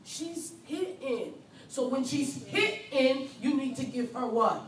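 With a higher voice, fairly even intonation, and a measured pace, a woman lectures her nursing class, emphatically repeating key points and speaking as the patient in the first person. She sounds far from the mic in a roomy space with faint ambience.

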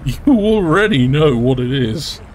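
Male gaming YouTuber, unhurried but animated play-by-play, quick to laugh. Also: a little high, a little hiss or hum. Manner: excitable, chatty, bursts into laughter. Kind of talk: live gameplay commentary.

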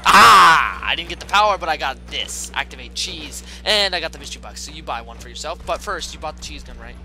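Goofy high bright-voiced gamer guy. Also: fast, faint music behind, low-quality recording. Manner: excitable, goofy, jokey. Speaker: gaming host. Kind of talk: casual gameplay commentary. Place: home gaming setup at night.

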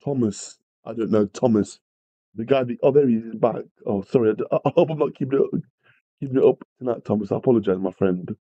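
A man's voice: mid-range voice, a little fast, pauses often, warm tone, highs cut off. A man teaching a live maths revision lesson, greeting viewers and apologising often as he works through problems. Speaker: maths tutor.

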